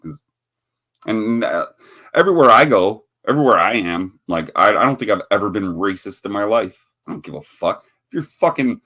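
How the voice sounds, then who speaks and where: Animated and pushed, his lowish voice bright, a Chicago-area man hosts a casual livestream at a moderate pace. He tells a rambling, swear-filled story, frequently pausing to laugh.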